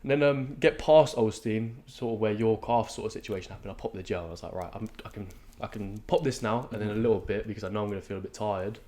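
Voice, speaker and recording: A young man, telling a race story in casual podcast chat, swearing freely and acting out his own shouts. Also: lowish voice, quick pace, few pauses. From England. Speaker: podcast co-host. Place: podcast studio.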